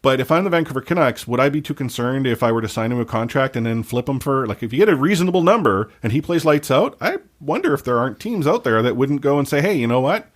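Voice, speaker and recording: A man's voice: mid-range voice, animated, quick pace, hardly any pauses. A man hosting a hockey podcast, rambling and jokey, riffing on the game. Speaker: podcast host. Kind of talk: casual chat.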